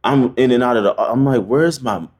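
A man, a photographer as podcast guest, telling a story in a loose, slangy, animated way with many fillers. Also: medium pitch, quick pace. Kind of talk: casual storytelling interview.

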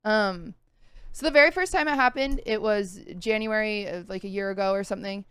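A young woman co-hosts a casual podcast and recounts events earnestly and vividly, scattering "like" through her sentences. Her voice is smooth and clean, and her pitch sits in a middle range. The recording is dry and close, with no room sound. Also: brisk, a bit bright, no room sound. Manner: earnest, vivid retelling with frequent "like" fillers. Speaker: podcast co-host.

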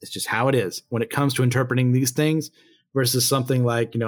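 A man's voice: mid-range voice, quick pace. A man hosting a Bible study, reading scripture aloud and then commenting on it in a loose, conversational way with many fillers and asides.

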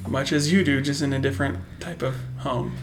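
Podcast co-host, casual chat, wry, teasing, middling pitch, faint noise. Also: steady tone, brisk.

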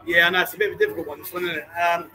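A man's voice: on the high side, fairly even intonation, very fast, a crowd in the background, low-quality recording. A man hosting a casual live stream from a bar, chatty and jokey, calling people mate and darling. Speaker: host.

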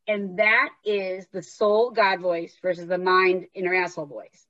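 A woman's voice: on the low side, fairly even intonation, normal speed, fairly bright tone, no room sound, muffled recording. A woman talking casually as a podcast host, telling stories and acting out the voices in her head. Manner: chatty storyteller, acts out inner voices. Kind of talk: casual conversation.

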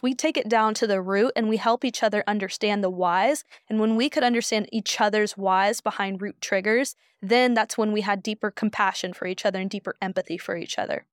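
A soft-spoken woman co-hosting a podcast, talking in a calm, reflective way. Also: mid-range voice, a little fast, smooth, no echo, clean studio sound. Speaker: podcast co-host. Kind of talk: casual chat.

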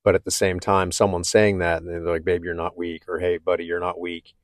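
A man talking candidly and haltingly about his own struggles, with many restarts. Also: deep voice, flat delivery, no room sound, clean studio sound. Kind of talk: personal reflective talk.

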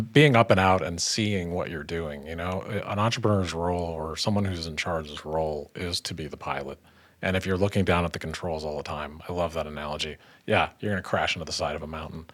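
A low-voiced man hosting a podcast, chatting casually with his guest. He sounds enthusiastic and agreeable, and laughs easily. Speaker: podcast host. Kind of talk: casual interview talk.

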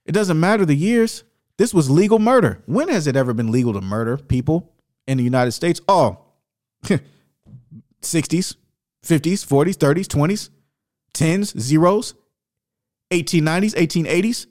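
A man's voice: on the high side, animated, normal speed, pauses often, a little mellow, dry recording, clean studio sound. A man reading newspaper clippings from a book aloud and commenting on them in an emphatic, sarcastic way. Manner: emphatic and sarcastic, with rising indignation. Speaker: video host reading from a book.

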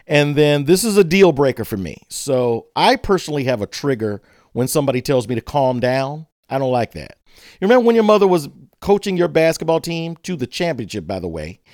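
A man hosting a casual chat about leadership and conflict. He is an animated storyteller who acts out quotes and laughs along the way. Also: mid-range voice, brisk, no echo, studio quality.

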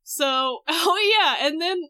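A woman's voice: very high voice, expressive, slow, pushed and bright. A woman co-hosting a casual chat, animatedly retelling a show and acting out the characters' lines. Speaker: podcast co-host recapping a show.

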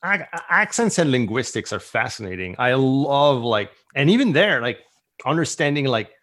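Enthusiastic rambling man, middle pitch. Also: sing-song, normal speed, fairly bright tone. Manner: enthusiastic, rambling with many "like" fillers. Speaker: guest entrepreneur. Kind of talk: casual conversational interview.

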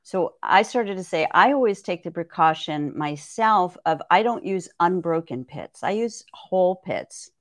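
Woman herbalist explaining in low dry voice. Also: lively intonation, unhurried, few pauses, no echo. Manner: thoughtful, explanatory, frequent "right?". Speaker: herbalist guest. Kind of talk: conversational podcast interview.

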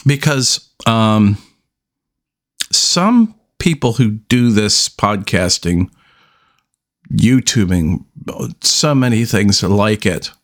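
Slow, pausing podcast host. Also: male voice, on the low side. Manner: slow, with long deliberate pauses between statements; halting, restarts often. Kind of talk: unscripted solo podcast monologue.

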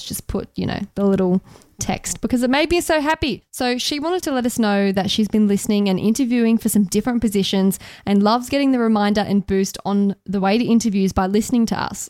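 A woman's voice: mid-range voice, darkish tone, no room sound, studio quality. A young Australian woman co-hosting a podcast, chatting in a bubbly, casual way and laughing easily. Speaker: podcast co-host, radio journalist.

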